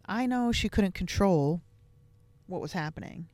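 A woman's voice: lowish voice, expressive, a little slow, a little mellow, no room sound. A woman hosting a podcast, telling a personal family story in a candid, reflective way with many casual fillers. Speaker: podcast host.

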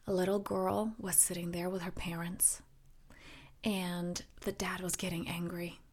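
A woman in her thirties hosting her own podcast, talking reflectively and softly, often dropping close to a whisper. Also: on the low side, little pitch movement, a little slow. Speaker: podcast host and coach. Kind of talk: reflective solo podcast talk.

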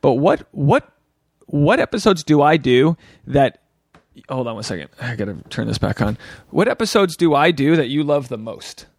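A man talks alone into his podcast mic, rambling and openly reflective, cursing casually and circling back on his own sentences. His voice has a gravelly edge, heard dry and close with no room around it. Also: a little high, sing-song, moderate pace, no room sound. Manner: rambling, candid and profane; self-reflective, often restarts thoughts. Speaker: podcast host. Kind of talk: solo podcast rant.

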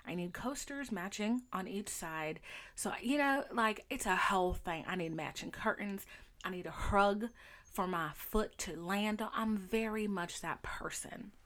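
A woman's voice: medium pitch, measured pace. Candid, swearing young woman podcaster. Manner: candid, profane, animated storytelling. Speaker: podcast host. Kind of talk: casual solo podcast chat.

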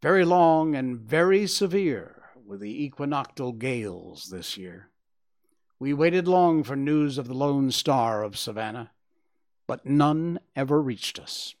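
A man narrating a classic detective story as an audiobook, measured and sombre, dropping low at the ends of phrases. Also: lively intonation, darkish tone.

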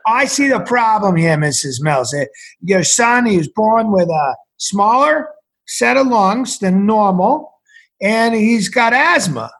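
A man's voice: high-pitched, expressive, takes it slowly, fairly bright tone, slightly rough, pitched above the performer's own voice, exaggerated voice, rough recording. A man doing a gloomy old Boston doctor. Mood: solemn. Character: gloomy older male doctor with a Boston-ish accent.

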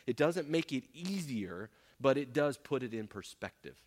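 A man's voice: medium pitch, moderate pace, few pauses. A man preaching a sermon as pastor, emphatic and fond of rhetorical "right?" checks. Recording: long hall reverb.

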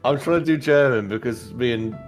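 A man's voice: medium pitch, brisk, faint music behind. A man narrating a tabletop game as game master, casual and rambling with many fillers.

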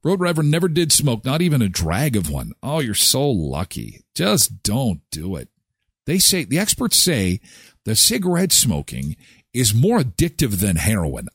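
A middle-aged man hosting a casual chat show, joking and animated. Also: medium pitch, normal speed, slightly rough, dry recording, studio quality. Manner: joking, animated, slips into silly voices. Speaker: talk show host.

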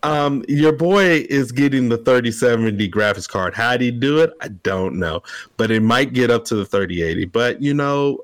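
A man co-hosting a casual gaming podcast, talking in an excitable, rambling way. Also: mid-range voice, moderate pace. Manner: excitable, rambling gamer talk. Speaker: podcast co-host. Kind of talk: casual chat.

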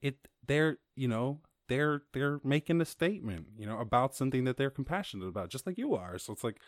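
A male podcast host riffs on the news in a loose, profane, animated way, often laughing at his own points. His voice sits at a middle pitch. It is recorded close up in a dry room with no echo. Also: fairly quick. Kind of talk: casual commentary podcast.

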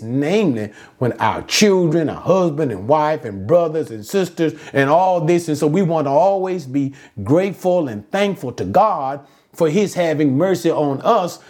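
Lively, animated middle-aged preacher. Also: male voice, a little high. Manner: conversational, lively preaching with asides to listeners. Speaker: pastor. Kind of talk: sermon teaching.

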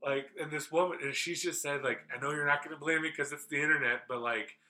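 A man co-hosting a podcast, telling stories in casual chat, rambling and animated, with many fillers and swear words. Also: on the high side, fast talker, soft background music, rough recording. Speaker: podcast co-host.

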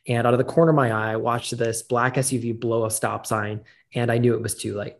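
A young man in his twenties telling a personal story to an audience in a casual, conversational way, often dropping into a quiet, low voice. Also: flat delivery, a little fast, vocal fry. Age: 20s. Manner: casual, many "like"s, drops to quiet low tones in the heavy parts. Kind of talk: storytelling talk.

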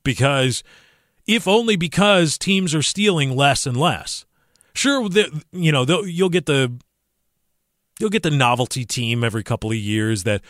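A young adult man hosting a casual sports podcast, animated, sometimes slipping into mock commentator voices. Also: a little high, unhurried, no echo, clean studio sound. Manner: animated, mimics commentators in a raised voice. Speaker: podcast host.

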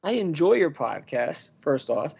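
A man, a podcast guest, rambling through casual sports talk with halting restarts. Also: a little high, very animated, vocal fry, darkish tone, slightly rough. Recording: dull lo-fi audio.

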